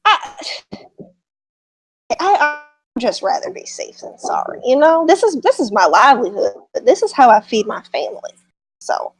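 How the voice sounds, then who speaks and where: A woman's voice: sits high, big pitch swings, unhurried, breathy edge, exaggerated voice, low-quality recording. A woman voicing a folksy, cautious old male farmer with a put-on Southern accent, rambling and gossipy. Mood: confiding. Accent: put-on Southern American.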